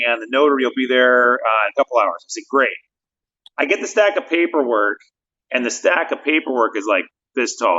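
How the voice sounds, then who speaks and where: A man co-hosting a casual livestream chat, telling stories in an animated way and laughing often. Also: mid-range voice, lo-fi sound. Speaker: podcast co-host, real estate investor.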